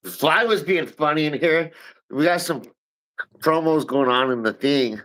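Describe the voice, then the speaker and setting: A man's voice: a little high, fairly bright tone. A man co-hosting a live stream in casual chat, joking, swearing and laughing easily. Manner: profane, joking, quick to laugh.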